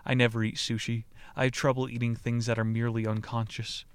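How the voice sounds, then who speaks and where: A podcast host reads book passages aloud briskly and deadpan, his voice of ordinary pitch, clear and resonant. Between passages he slips into casual, profane commentary and laughs at the material. The recording is dry and close, with no room sound.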